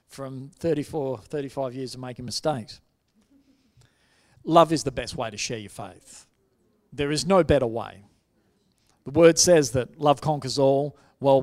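A middle-aged man, preaching a sermon and telling stories with lively, acted-out quotes. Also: mid-range voice. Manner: animated storytelling, acts out quoted voices. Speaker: pastor.

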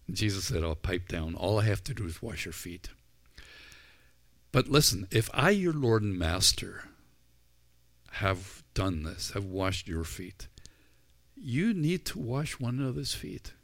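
Slow-paced low-voiced male preacher. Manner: storytelling, acts out the disciples' voices. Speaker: pastor. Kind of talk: sermon.

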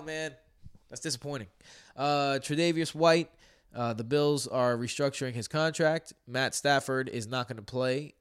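A man's voice: mid-range voice, moderate pace, smooth. Playful man reading football injury news. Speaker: fantasy football podcast host. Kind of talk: casual sports podcast news rundown.

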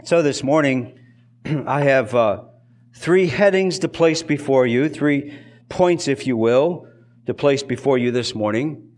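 A man's voice: medium pitch, slow pace, darkish tone. Emphatic man preaching a sermon. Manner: emphatic preaching, voices the crowd's challenges. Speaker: pastor.

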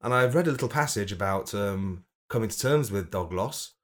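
A man co-hosting a casual comedy podcast. His pitch moves around a lot as he talks, and his humor is dry and wry. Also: expressive, moderate pace, fairly bright tone. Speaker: podcast co-host.

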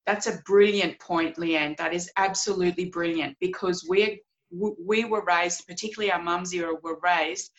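A woman's voice: fairly low pitch, steady tone, normal speed, low-quality recording. A woman in her forties hosting a casual podcast chat, speaking bluntly and emphatically as she tells a client story.

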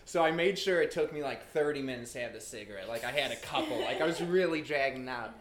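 A young man in casual conversation, telling an animated story with lots of fillers and laughter. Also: medium pitch, quick pace, echoey room, background noise.

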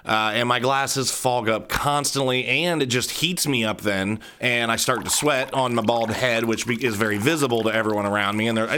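A man's voice: mid-range voice, normal speed, hardly any pauses, bright, forceful tone, clean tone. A man from central Ohio hosting his own podcast, rambling through a casual solo monologue full of self-mocking, jokey asides. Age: adult. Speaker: podcast host.

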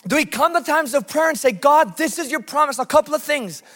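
A man's voice: very high voice, animated, brisk, a bit bright. An American man preaching a sermon with passion, telling stories from his missions work. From United States. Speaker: pastor. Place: church hall. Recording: long hall reverb.

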